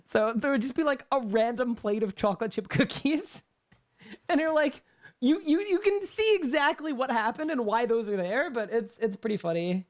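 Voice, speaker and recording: A man's voice: very high voice, animated, normal speed. A young man with a Canadian accent, chatting casually on a live gaming stream and answering chat questions.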